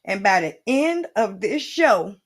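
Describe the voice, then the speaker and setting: A woman's voice: mid-range voice, sing-song, measured pace. A woman hosting an improvised comedy cooking show, rambling in a playful way with asides to the viewer.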